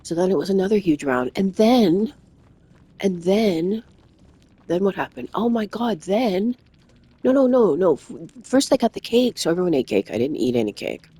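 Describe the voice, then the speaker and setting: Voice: medium pitch, big pitch swings, normal speed, mellow, husky, low-quality recording. A gaming streamer telling a long anecdote in a casual, rambling way, full of restarts and asides. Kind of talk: casual storytelling while gaming.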